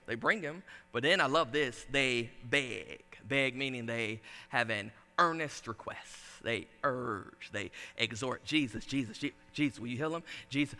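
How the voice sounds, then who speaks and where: A pastor delivers a sermon with lively, conversational flair, moving between folksy stories and scripture at a moderate pace with hardly any pauses. His voice is bright, crisp and resonant, pitched a little high, and the church sanctuary leaves a long echo behind him.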